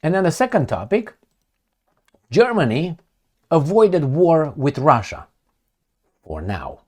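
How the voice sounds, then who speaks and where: A man's voice: a little high, very animated, slow pace, darkish tone. A man giving blunt, sarcastic political commentary with some swearing, talking straight to the viewer. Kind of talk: opinionated commentary monologue.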